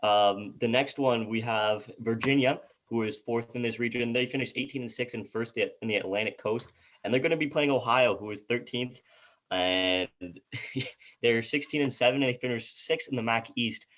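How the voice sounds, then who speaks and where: A man's voice: mid-range voice, normal speed, fairly bright tone. A man co-hosting a casual sports chat, reading out team records and stumbling over player names. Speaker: co-host.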